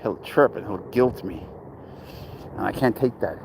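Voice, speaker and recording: A man's voice: lowish voice, unhurried, vocal fry, darkish tone, slight background noise, rough recording. A young man chatting casually on a phone livestream, rambling and crude as he answers viewer comments and talks to his cat outdoors.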